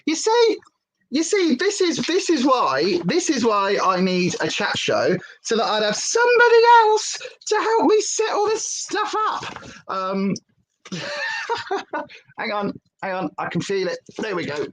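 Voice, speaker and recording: A British woman chats on a home livestream, her pitch swooping up and down as she tells stories. She is a former presenter and drifts easily from one tangent to the next. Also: measured pace, a little hiss or hum, low-quality recording. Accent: British English. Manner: chatty, wanders off on tangents, lively storyteller. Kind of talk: casual livestream chat. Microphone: headphones with desk setup.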